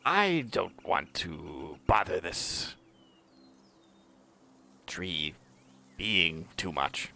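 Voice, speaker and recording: Low gravelly guy playing dnd, slow and polite, lots of uhs. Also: sing-song, pushed and bright. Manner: hesitant, polite. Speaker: player. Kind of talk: casual tabletop play.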